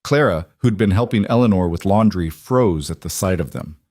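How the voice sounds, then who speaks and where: In calm, measured, scripted storytelling, a man narrates a frontier tale. His voice is low and even, and the recording is dry and close with no room sound.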